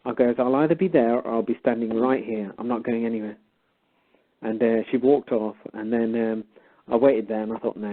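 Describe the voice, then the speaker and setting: A man casually telling a story and quoting both sides of a conversation. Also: lowish voice. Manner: animated retelling, quoting both sides of a dialogue. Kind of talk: casual storytelling on a call-in show. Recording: phone-line audio.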